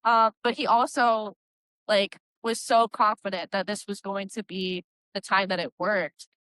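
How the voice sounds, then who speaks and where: Young woman guest, earnest and rambling testimony, mid-pitched, dry close mic. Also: fairly even intonation, a little slow, fairly bright tone, clear, resonant tone, dry recording, rough recording. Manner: earnest, rambling, many likes and you-knows. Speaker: guest, Christian metal singer. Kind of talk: candid personal testimony.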